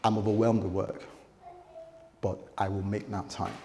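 A man's voice: on the low side, little pitch movement, moderate pace, darkish tone, long reverb tail. A man preaching a sermon as pastor, in a loose conversational way, acting out quoted dialogue.

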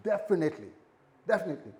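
A preacher voicing a sly tempting serpent devil. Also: male voice, sits high, big pitch swings, very fast, a little mellow. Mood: sly, insinuating. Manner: insinuating, repeating itself to plant doubt.

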